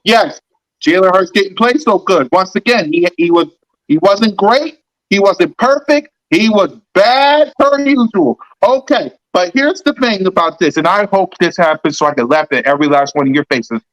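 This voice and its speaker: A man's voice: extremely high pitch, a bit bright, poor audio. A man hosting a sports podcast, ranting heatedly and repeating his points. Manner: fired-up, repetitive ranting. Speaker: podcast host.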